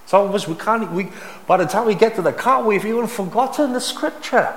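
A middle-aged man with a Malaysian English accent, preaching a sermon as pastor, stressing phrases by repeating them and moving between loud and hushed delivery. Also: high-pitched, animated, a little fast, slight background noise. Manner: emphatic preaching, repeating key phrases and swinging from loud to soft. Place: large church hall. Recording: echoey church hall with long reverb.

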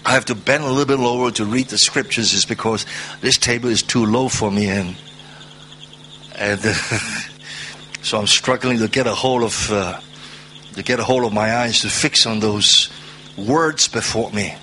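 A man preaching a sermon, reading scripture aloud and stressing words through slow repetition. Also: fairly low pitch, pushed and bright, a little hiss or hum. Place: church hall, seated at a low table.

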